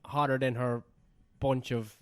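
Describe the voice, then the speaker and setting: A man co-hosting a podcast, chatting casually with blunt, crude deadpan quips. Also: medium pitch, measured pace, no echo. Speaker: podcast co-host. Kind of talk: casual chat. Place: indoors.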